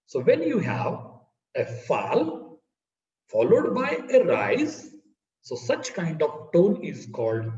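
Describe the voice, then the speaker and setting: A man with an Indian English accent giving an online phonetics lecture in a slow, deliberate teaching manner. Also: mid-range voice. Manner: slow, deliberate teaching with lively rising and falling intonation. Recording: roomy, dull sound from a distance.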